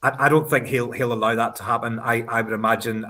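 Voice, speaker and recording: Male panel guest, mid voice, measured and halting. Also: medium pitch, level tone, sharp tone. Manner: thoughtful, hesitant, many restarts. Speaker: podcast guest. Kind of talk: casual football podcast chat.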